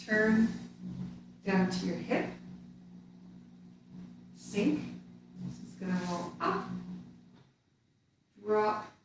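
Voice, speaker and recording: A woman teaching tai chi, giving calm cues while she moves through the form. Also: mid-range voice, recorded from a distance, noisy background. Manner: calm, slow cues spoken while moving. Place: indoor room with little space. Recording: very echoey room, voice away from the mic.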